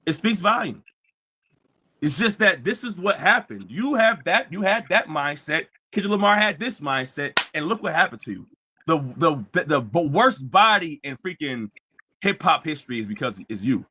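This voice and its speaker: A man hosting a live-streamed talk show, ranting heatedly and mockingly, repeating himself and often breaking into shouts. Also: fairly high pitch, lively intonation, normal speed, husky. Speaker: show host. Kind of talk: live-streamed commentary rant.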